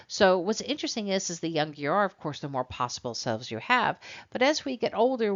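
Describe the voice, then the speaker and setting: A woman's voice: on the low side, fairly bright tone. A woman instructor giving a recorded college lecture in a conversational way and acting out exchanges with students. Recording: dull lo-fi recording.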